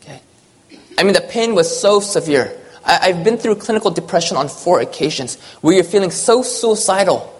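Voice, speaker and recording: A man's voice: high-pitched, expressive, normal speed. A man preaching a sermon, earnest and personal, often checking in with his listeners by asking "okay?".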